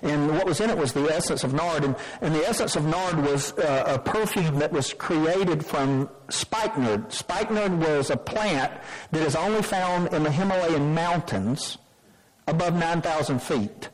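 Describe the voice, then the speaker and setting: A man's voice: on the high side, expressive, measured pace, poor audio. A man preaching a sermon as pastor, emphatic, reading scripture and often restarting his sentences.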